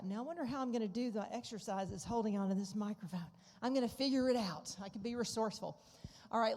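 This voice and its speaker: A woman's voice: medium pitch, a little mellow. A woman, a physical therapist, leading a seated exercise class on a handheld microphone, giving upbeat, encouraging step-by-step instructions. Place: large hall at a medical symposium. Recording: reverberant hall, faint room noise.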